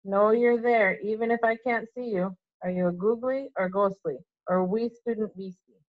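Storybook reading: woman doing a sly male poltergeist, teasing then fawning, mid-pitched, muffled lo-fi sound. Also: steady tone, normal speed, natural voice.

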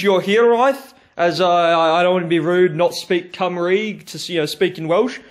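A man recording a casual, playful video message to a friend, talking with halting, stumbling restarts. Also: high voice. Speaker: video gift maker.

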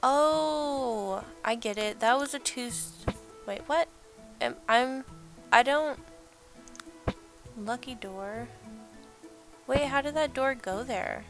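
A woman's voice: high-pitched, takes it slowly, long pauses, faint music behind. A young woman giving casual, rambling let's-play commentary while she builds, chatting and laughing at herself. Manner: chatty, rambling, self-deprecating, laughs often.

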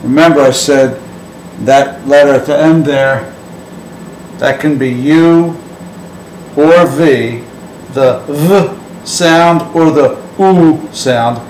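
A man's voice: fairly high pitch, slow, long pauses, a little mellow, slight background noise. A man teaching a Latin lesson at a board, playfully drawing out vowel sounds to demonstrate them. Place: classroom. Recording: echoey room with faint ambience.

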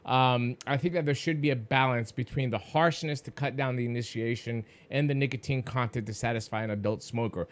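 A man co-hosting a live call-in show, giving his opinion in a measured way and often restarting his phrases. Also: medium pitch, fairly even intonation. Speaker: co-host.

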